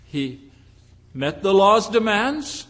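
Brief: male preacher, high voice, slow and emphatic, echoing sanctuary. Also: very animated, fairly bright tone. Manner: earnest, emphatic, with frequent fillers. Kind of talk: sermon. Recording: long hall reverb.

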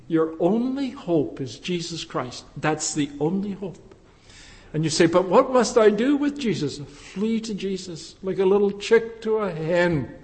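A man preaching a sermon, pleading with passion, swelling loud and then dropping to a near hush. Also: high-pitched, long reverb tail.

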